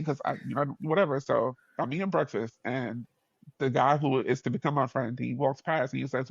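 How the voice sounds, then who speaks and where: A man with a New York accent, a podcast guest telling a story in a slangy, animated way with frequent laughs. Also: mid-range voice, fast talker, no echo, lo-fi sound.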